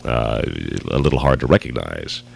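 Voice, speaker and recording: Very deep-voiced droll radio host. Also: male voice, expressive, moderate pace, creaky, slight background noise. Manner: dry, droll, mock-formal delivery. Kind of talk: radio banter and wry commentary.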